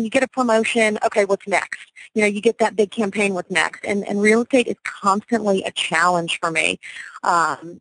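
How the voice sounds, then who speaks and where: A woman's voice: mid-range voice, fairly bright tone, no echo, low-quality recording. Confident woman in her forties, dry close sound. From Louisiana, US. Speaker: guest, real estate broker. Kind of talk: radio interview.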